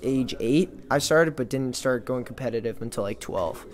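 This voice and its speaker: A man's voice: medium pitch, a little hiss or hum. A young man from New York, a junior hockey player, answering interview questions casually with many fillers and restarts. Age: young adult. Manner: halting, full of fillers and restarts.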